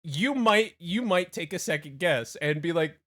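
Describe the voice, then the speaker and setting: A man's voice: fairly high pitch, animated, measured pace, a bit bright. A young man from Hawaii chatting casually on a game stream, rambling with many restarts and laughing asides.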